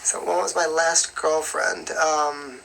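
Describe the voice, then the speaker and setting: A woman's voice: low voice, steady tone, takes it slowly, vocal fry, fairly bright tone, a little hiss or hum, rough recording. A young woman singer answering fan questions in a casual live-stream chat, rambling along with lots of "like" and "you know".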